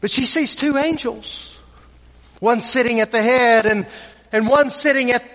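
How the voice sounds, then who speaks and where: A man preaching a sermon, retelling a story with repeated words, pauses and voiced quotes. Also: very high voice, a bit bright, long reverb tail.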